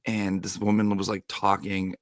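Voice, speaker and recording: A man hosting a casual livestream, reading viewer comments and telling stories in an animated way. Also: deep voice, moderate pace. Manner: animated storyteller, reads viewer comments aloud. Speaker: live stream host.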